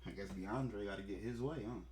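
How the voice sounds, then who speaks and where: A man's voice: lowish voice, a little fast, a little mellow, slight background noise. A man hosting a casual reaction commentary, joking and swearing in blunt asides. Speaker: commentary host.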